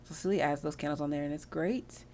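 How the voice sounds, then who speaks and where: A woman's voice: low-pitched, fast, a little mellow, a little hiss or hum. A young woman giving casual, slangy gameplay commentary, chatty and freely swearing. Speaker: gameplay video host.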